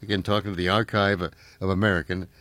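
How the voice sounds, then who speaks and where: A man hosting a radio talk show, talking in a relaxed, conversational way with fillers. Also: deep voice, fairly quick, no echo. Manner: conversational, uses fillers, chuckles easily. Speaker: radio host.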